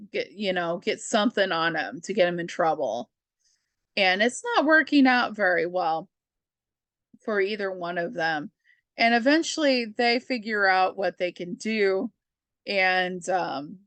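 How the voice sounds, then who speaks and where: Slow, rambling woman reading comics aloud. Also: on the low side, fairly bright tone, no echo. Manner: chatty and rambling, full of fillers and asides; jokey, amused by her own jokes. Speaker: comic book reader and channel host. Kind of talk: casual comic book reading commentary.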